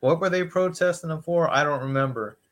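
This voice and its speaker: A man's voice: on the high side, brisk, a bit bright. A man co-hosting a casual podcast, recapping a comic issue in an easygoing, rambling way. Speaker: podcast co-host. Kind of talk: casual chat.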